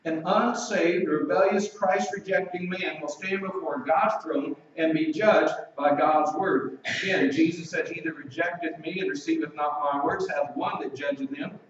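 An emphatic male preacher with a slightly high voice gives a sermon, slowing down when he reads scripture. The sound is very echoey and comes from some distance away. The recording is dull and muffled.

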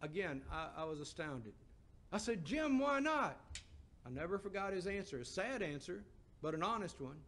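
A middle-aged man preaching a sermon, asking the congregation emphatic questions and dropping to a hushed voice for stories. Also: fairly high pitch, lively intonation, brisk.

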